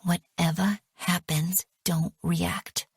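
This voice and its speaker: A woman's voice: lowish voice, little pitch movement, takes it slowly, breathy edge, dry recording, studio quality, full character voice. A woman voicing a tense young woman who whispers urgent warnings to the others. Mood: urgent hush.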